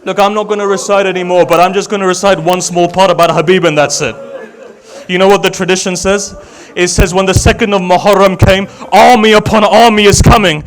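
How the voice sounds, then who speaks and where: A man with a high voice delivers an emotional sermon at a religious gathering, telling a sacred story. He acts out the figures' words with drama. His voice often sinks to a near hush. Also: steady tone, fairly quick, poor audio. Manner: dramatic, quotes each figure in the story, often drops to a hushed voice. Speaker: Shia religious scholar giving a majlis. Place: religious center gathering hall.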